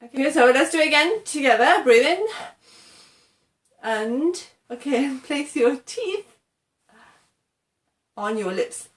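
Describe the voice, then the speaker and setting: A high-pitched, expressive English woman teaches pronunciation at a slow pace with long pauses, demonstrating sounds and often checking in with "okay." Her tone is encouraging, and the room is echoey.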